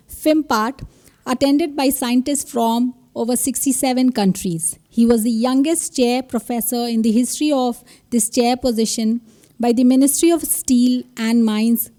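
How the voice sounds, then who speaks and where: A woman's voice: on the high side, mellow. A woman, the master of ceremonies, reading a formal introduction of a speaker at a podium mic in a ceremony hall. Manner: measured, listing credentials.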